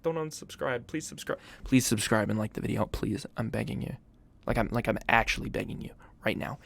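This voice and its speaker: A man's voice: medium pitch, fairly quick, vocal fry. A man hosting a casual commentary video, profane, joking and hyperbolic. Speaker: YouTube host.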